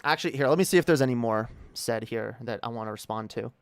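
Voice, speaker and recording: A man's voice: mid-range voice, fast, smooth. A man streaming casual commentary in a mocking, combative way. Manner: mocking, combative, laughs often.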